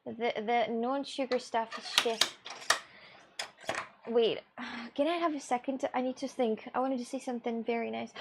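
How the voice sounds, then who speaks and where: A woman's voice: a little high, fairly even intonation, moderate pace, vocal fry, noisy background. A young woman streamer from Russia, chatting casually with viewers in a rambling way, with gasps and restarts. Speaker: live streamer.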